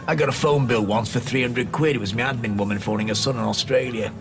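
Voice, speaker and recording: An actor playing a smug boss, chatty then quietly threatening. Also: male voice, medium pitch, a little fast, vocal fry, over music, lightly acted. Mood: jovial. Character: smug boss turning menacing.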